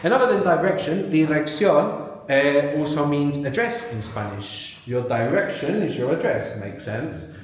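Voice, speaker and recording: In a very echoey hall packed with an audience, a male language teacher runs a live workshop, patiently quizzing learners and leading them through every step. His fairly high voice is expressive and unhurried.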